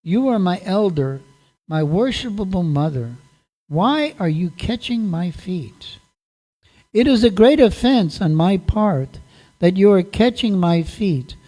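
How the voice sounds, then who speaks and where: A man speaks as a gentle young woman, soft-spoken and respectful toward an elder. Her replies come slowly and calmly, in a mellow tone. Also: high-pitched, heavily acted.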